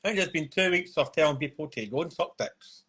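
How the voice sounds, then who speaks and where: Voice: medium pitch, expressive, fairly quick, a bit bright, slightly rough. A podcast co-host teasing the guest with jokes in casual banter.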